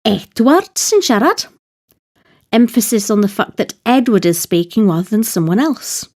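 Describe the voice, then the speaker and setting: A woman reading a scripted Welsh grammar lesson in a slow, careful, measured way. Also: a little high, big pitch swings, a little mellow. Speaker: language teacher.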